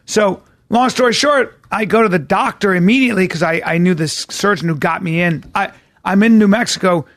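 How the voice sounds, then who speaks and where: A man's voice: high voice, brisk, a bit bright. A man co-hosting a podcast, chatting casually and telling stories with acted-out quotes. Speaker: podcast co-host. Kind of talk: casual chat.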